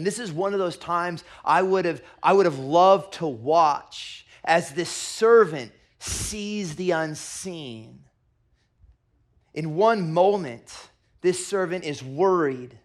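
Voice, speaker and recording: A middle-aged man, a pastor, preaching a sermon and telling stories, going from hushed to loud and excited. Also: a little high, takes it slowly. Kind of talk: sermon with storytelling.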